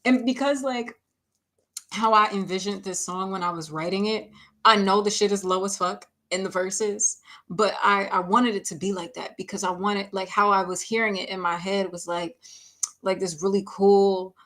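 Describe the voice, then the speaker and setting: A woman's voice: mid-range voice, fairly even intonation, moderate pace, a bit bright. A woman singer chatting casually on a livestream while mixing her own vocals, laughing often and saying "like" a lot. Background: faint music playback.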